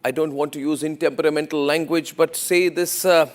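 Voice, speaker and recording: A man's voice: fairly high pitch, steady tone, fairly quick. A male news anchor delivering an emphatic, opinionated monologue full of repetition and rhetorical questions.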